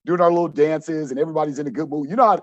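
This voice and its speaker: A man who coaches, telling a story in an interview with animated acted-out quotes and frequent restarts. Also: a little high, very fast, dry recording, lo-fi sound.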